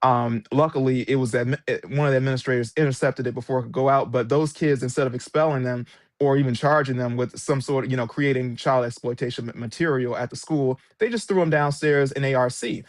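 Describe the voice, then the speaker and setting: A man speaking as an interview guest, recounting what he saw in classrooms with emphatic, indignant force. His voice sits at a middle pitch. The recording is dry and close, with no room sound. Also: quick pace, dry recording. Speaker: author and former substitute teacher.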